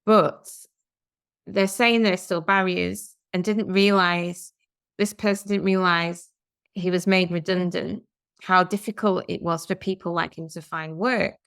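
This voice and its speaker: A woman's voice: on the low side, fairly even intonation, unhurried, gravelly, a bit bright, clear, resonant tone, dry recording, studio quality. A woman co-hosting a podcast, chatting and reading out news articles with her own comments. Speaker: podcast co-host. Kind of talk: casual discussion, reading out news stories.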